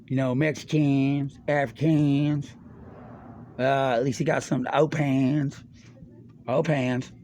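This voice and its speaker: A middle-aged man talking in a rambling, stream-of-consciousness way. His voice sits at an ordinary pitch for a man. His speech is loose, full of slang and swearing, and hops from subject to subject. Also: level tone, slow, darkish tone, a little hiss or hum. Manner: loose, slangy and profane, jumps between topics. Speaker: monologuist.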